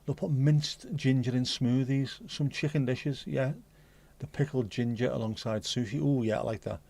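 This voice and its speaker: Here a man streams casually from his home setup, his medium-pitched voice steady, creaky and mellow at a normal speed. Chatting with his audience, he answers their messages aloud and sometimes swears.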